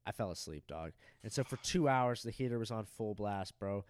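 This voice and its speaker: A young man co-hosting a podcast, telling a crude story in a loose, animated way and acting out the people in it. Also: lowish voice, normal speed, clear, resonant tone, dry recording. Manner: animated, profane, acts out quoted people. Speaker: podcast co-host.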